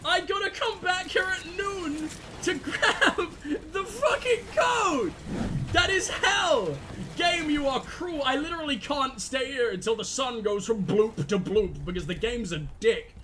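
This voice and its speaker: A man commentating on his own video game play, loud, sweary and self-mocking, breaking into panicked yells during fights. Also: very high-pitched, animated, unhurried, background noise. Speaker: gaming channel host.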